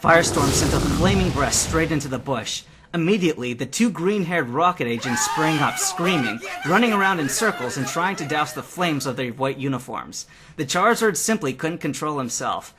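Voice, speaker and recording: A man giving a lively, expressive first-person reading of a fan fiction adventure. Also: a little high, normal speed, faint music behind.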